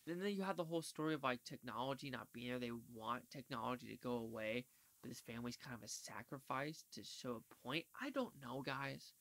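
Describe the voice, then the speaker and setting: A man's voice: on the high side, sharp tone, no echo. A man giving a casual, rambling movie review, slangy and swearing freely.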